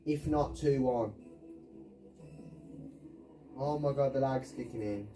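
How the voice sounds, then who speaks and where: A man's voice: mid-range voice, takes it slowly, warm tone, faint music behind. A man commentating his own video game match, swearing and ranting at his teammates. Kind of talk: frustrated gameplay commentary. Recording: voice distant from the mic.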